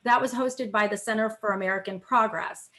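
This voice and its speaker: A woman hosting a virtual panel discussion and giving its opening remarks in a measured, semi-formal way, with some fillers. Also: mid-range voice, bright, forceful tone. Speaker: think tank vice president hosting a webinar. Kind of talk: moderating an online panel discussion.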